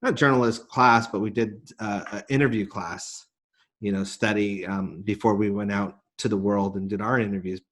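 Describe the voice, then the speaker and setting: Earnest low-voiced man guest. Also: steady tone, normal speed, fairly bright tone. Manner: earnest, with frequent restarts and fillers. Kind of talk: casual interview talk.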